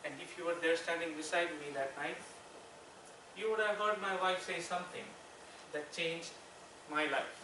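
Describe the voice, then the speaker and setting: A man delivering a persuasive contest speech, with dramatic pauses and rhetorical questions. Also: a little high, bright, forceful tone. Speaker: contest speaker. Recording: echoey room, far mic, faint noise.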